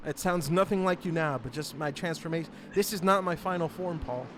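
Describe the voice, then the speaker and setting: A man giving live sim racing commentary, excitable and joking, laughing often. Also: a little high, fairly quick, noisy background.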